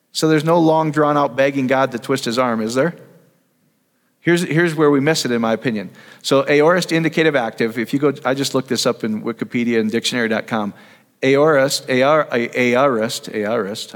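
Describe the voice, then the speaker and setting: Man preaching in a reverberant hall. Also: medium pitch. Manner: conversational, asks the audience questions, trails off and restarts. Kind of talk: casual teaching sermon.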